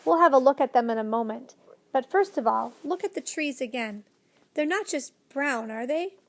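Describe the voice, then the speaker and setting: Kindly old professor, proud and emphatic, read by a high-voiced woman, storybook. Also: lively intonation, moderate pace. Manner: emphatic, cheerfully lecturing. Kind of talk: storybook reading.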